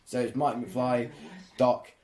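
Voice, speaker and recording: A man's voice: mid-range voice, slow, echoey room, over music. A man who is a guest on a podcast, chatting casually and arguing playfully while watching a film. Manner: animated, argumentative, jokey.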